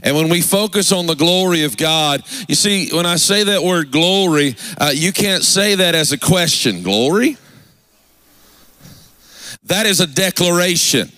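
A man preaching a fervent revival sermon from a church pulpit. His voice sits a little high, and the sound is dry and close. He throws call-and-response asides to the congregation. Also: normal speed, hardly any pauses, bright, forceful tone, dry recording. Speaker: pastor. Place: church sanctuary.

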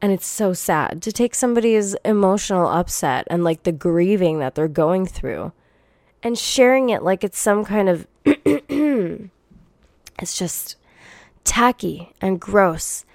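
A woman's voice: medium pitch, lively intonation, slow, a little mellow, no room sound, clean studio sound. A young woman hosting a solo podcast, venting bluntly and profanely while coming down with a cold. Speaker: podcast host.

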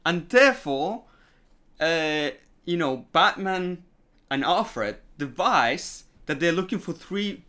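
A man's voice: on the high side, expressive, takes it slowly, sharp tone. A man co-hosting a podcast, picking apart a film scene with pointed questions and stammered restarts. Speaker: podcast co-host. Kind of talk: casual film review chat.

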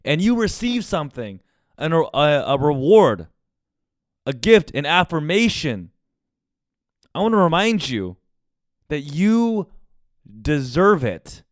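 A man's voice: fairly high pitch, big pitch swings, slow, pauses often, no echo, clean studio sound. Candid, cursing young man on a podcast. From United States. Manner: candid and confessional, swears often. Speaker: podcast host. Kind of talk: casual podcast monologue.

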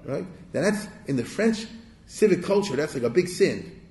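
Older guy lecturing, kinda high voice, chatty, keeps asking if you get it, roomy echo. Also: expressive, normal speed, darkish tone. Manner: chatty, rhetorical, keeps checking "you understand?". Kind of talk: informal history lecture. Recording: roomy echoey room.

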